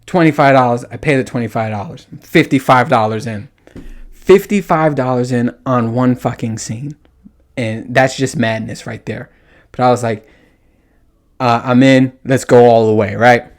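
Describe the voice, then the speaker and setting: A man's voice: medium pitch, normal speed. A man hosting a podcast, telling a story in a casual monologue, swearing often and acting out his own reactions. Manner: animated, profane, acts out his own reactions. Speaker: podcast host.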